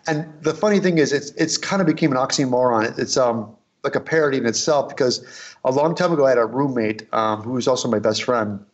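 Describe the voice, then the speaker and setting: A man's voice: medium pitch, fast talker, muffled recording. A middle-aged man telling a long anecdote in a casual interview, rambling with restarts and quoted dialogue. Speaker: guest, costume and prop maker.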